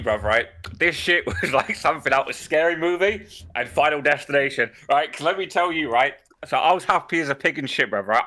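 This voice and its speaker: A man's voice: medium pitch, sharp tone. A man co-hosting a podcast, telling a story in casual chat, swearing and laughing often. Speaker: podcast co-host.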